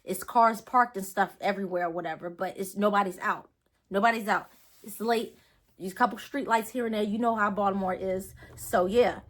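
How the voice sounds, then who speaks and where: A woman's voice: mid-range voice, steady tone, moderate pace. A young woman vlogger telling a personal story in a rambling, earnest way, full of fillers and restarts. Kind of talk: storytime vlog.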